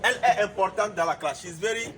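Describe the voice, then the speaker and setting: A man's voice: high voice, racing, over music. A man teaching a French class, drilling words and having students repeat them. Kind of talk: classroom language lesson.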